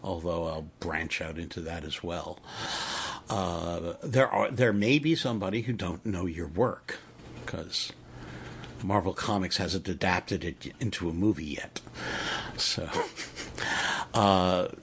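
A middle-aged man hosting a radio interview, talking in a rambling, halting way with many fillers. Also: low-pitched, creaky, a bit bright, slight background noise. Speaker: radio host.

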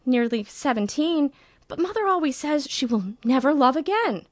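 A woman voicing a sharp-tongued, insecure young bride with a cutting, haughty delivery, pitched above her own voice. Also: very animated, moderate pace, no room sound, clean studio sound. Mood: haughty, wounded.

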